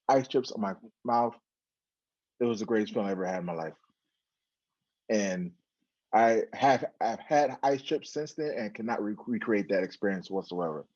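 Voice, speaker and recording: A man in his fifties with a low-pitched voice tells his story as an interview guest, lively and acting out quoted dialogue. The sound is dry and close, with a dull, muffled lo-fi quality. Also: no echo. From San Diego, USA. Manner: animated, acts out quoted dialogue. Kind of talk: conversational storytelling.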